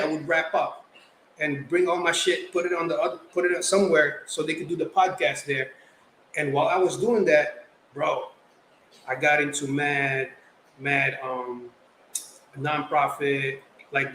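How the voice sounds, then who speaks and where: A young man from the Philippines, a guest artist telling stories in casual chat, animated and slangy. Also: fairly high pitch, unhurried. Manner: animated, slangy, acts out quotes. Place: podcast studio. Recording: roomy echo, faint background noise.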